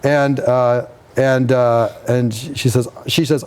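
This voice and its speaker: Man, game master, slow unhurried narration, halting restarts, live tabletop game. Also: medium pitch, flat delivery, darkish tone, smooth.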